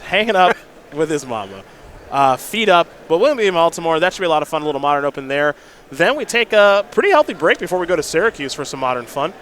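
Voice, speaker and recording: A man doing casual, chatty commentary banter at a live card game event, quick to laugh. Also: fairly high pitch, big pitch swings, a bit bright, a little hiss or hum.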